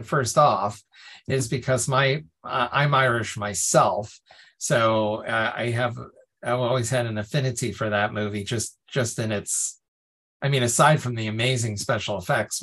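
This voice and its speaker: A man co-hosting a podcast, chatting casually about his favorite things. He talks at a medium pitch, laughs easily and often starts his sentences over. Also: fairly bright tone. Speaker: podcast co-host. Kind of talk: casual conversational chat.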